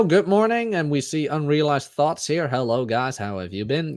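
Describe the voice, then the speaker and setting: A man's voice: on the high side, big pitch swings, normal speed, hardly any pauses, a little mellow, no room sound, studio quality. A man who hosts a casual livestream and rambles chattily and jokingly to his viewers. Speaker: streamer, channel host.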